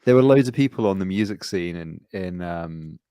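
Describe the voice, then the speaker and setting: A man co-hosting a podcast, rambling and swearing through animated casual stories. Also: low-pitched, moderate pace, clear, resonant tone, no echo. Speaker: podcast co-host. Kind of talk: casual chat.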